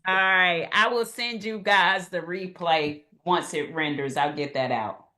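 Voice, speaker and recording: A woman's voice: on the low side, measured pace. Folksy woman hosting a video call. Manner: relaxed, folksy, says y'all. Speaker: call host. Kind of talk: casual video-call chat.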